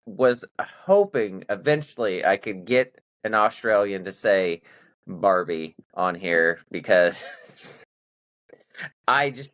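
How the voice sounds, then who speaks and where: Very low-voiced man chatting. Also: animated, slow, fairly bright tone, low-quality recording. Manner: rambling, many restarts and fillers. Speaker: podcast host. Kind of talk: casual chat.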